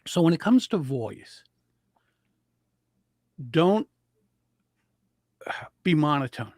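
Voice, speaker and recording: A man explains public speaking techniques as a guest coach, his voice sitting a bit high for a man. He talks in an animated, demonstrative way, acting out how a voice rises and falls. The sound is dry and close, with no room around it. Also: extremely slow, no room sound. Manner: animated, demonstrates vocal intonation.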